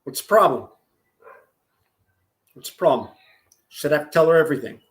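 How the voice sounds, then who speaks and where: A man's voice: on the high side, lively intonation, normal speed. A man from Los Angeles chatting casually on a live stream, reading chat aloud with crude jokes and frequent laughter. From Los Angeles, California. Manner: crude, joking, often laughing.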